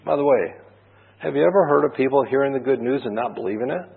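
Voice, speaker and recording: Husky preacher on a tinny line. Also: male voice, mid-range voice, quick pace. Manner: storytelling, conversational, rhetorical questions. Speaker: pastor. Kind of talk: sermon. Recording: tinny phone-like band.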